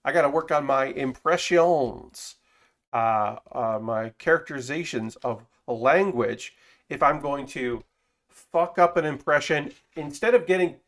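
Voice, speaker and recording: A man streaming while building a model kit, talking casually in a rambling, self-correcting way with frequent swearing. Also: fairly high pitch. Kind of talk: casual live-stream chat.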